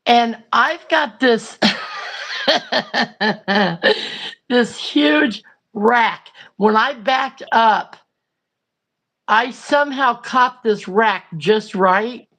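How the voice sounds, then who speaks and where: A woman's voice: a little high, extremely slow, long pauses. Chatty woman telling a story. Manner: chatty, animated retelling with lots of fillers. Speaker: livestream host. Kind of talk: casual storytelling chat.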